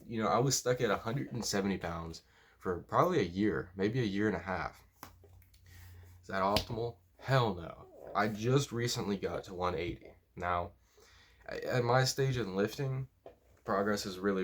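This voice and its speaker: A man giving casual, blunt, profanity-laced lifting and diet advice as a powerlifting coach. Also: on the low side. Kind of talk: casual talking-head advice.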